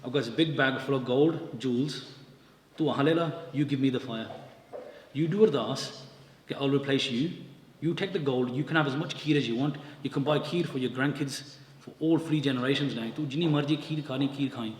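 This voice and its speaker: A man's voice: mid-range voice, brisk, slight background noise, lightly acted. Eager, insistent male thief voiced by a male storyteller, raised voice, echoey distant hall.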